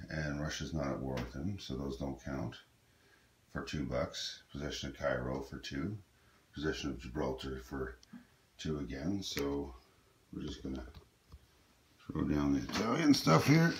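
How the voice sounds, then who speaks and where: A man with a very low, deep voice talks through a tabletop strategy game at an easy pace, pausing often with ums and uhs. He sounds like he is in an echoey room, with a faint hiss behind him. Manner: relaxed, explains moves aloud with frequent ums and uhs. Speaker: board game player. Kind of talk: casual tabletop game playthrough commentary.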